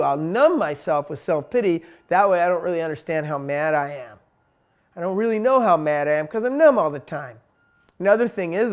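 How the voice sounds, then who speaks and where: A man giving a spiritual talk in a blunt, emphatic monologue, swearing freely. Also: high voice. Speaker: spiritual teacher.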